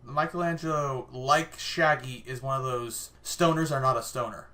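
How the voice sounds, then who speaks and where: A man's voice: mid-range voice, moderate pace, bright, forceful tone. A man co-hosting a podcast in casual chat, thinking aloud and laughing often. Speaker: podcast co-host.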